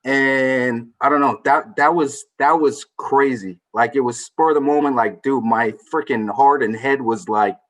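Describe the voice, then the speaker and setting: A man's voice: mid-range voice, measured pace, few pauses, a bit bright, rough recording. A man hosting a casual chat with friends, telling a story with energy and swearing freely. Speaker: podcast host.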